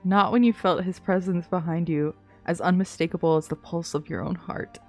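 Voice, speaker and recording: A woman reading fanfiction aloud, hushed and soft in the story parts, with excited comments in between. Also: on the low side, normal speed, soft background music. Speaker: content creator.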